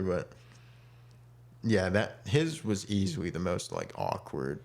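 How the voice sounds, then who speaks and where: A man's voice: low-pitched, wildly swooping pitch, slow pace, vocal fry, darkish tone. A young man co-hosting a podcast in casual chat, rambling with lots of fillers. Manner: rambling, many fillers, acts out quotes. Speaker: podcast co-host.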